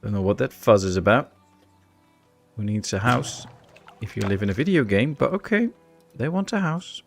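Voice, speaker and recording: Gravelly Dutch man with a chatty streamer manner. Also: on the low side, lively intonation, moderate pace, soft background music. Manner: chatty, laid-back, answers chat with jokes. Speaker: gaming streamer. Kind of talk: live-stream gameplay commentary.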